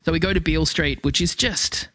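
Fast-talking Australian woman. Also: deep voice, no room sound. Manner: swears freely, animated anecdote-telling. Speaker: podcast guest. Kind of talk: casual chat, storytelling.

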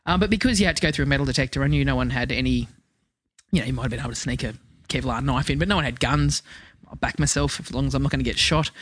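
An Australian woman telling a lively, sweary story as a podcast guest. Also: low voice, dry recording. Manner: swears freely, animated anecdote-telling. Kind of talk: casual chat, storytelling.

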